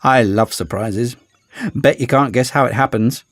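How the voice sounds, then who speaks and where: A man's voice: medium pitch, measured pace, no echo, soft background music. A man voicing a spiteful, boastful male villain who taunts his enemies in a sing-song way. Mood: gloating.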